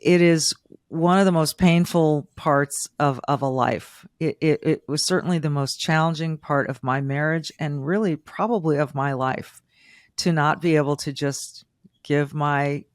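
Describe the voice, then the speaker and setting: A woman's voice: low voice, a little slow, dry recording, studio quality. Emotional middle-aged woman podcast host. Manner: emotional, warm and rambling with restarts. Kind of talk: interview.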